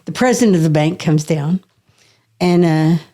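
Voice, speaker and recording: A middle-aged woman tells a story with lively energy and frequent laughter, her voice sitting a little low. She lets a swear word slip now and then in a relaxed, casual podcast chat. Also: normal speed. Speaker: podcast guest.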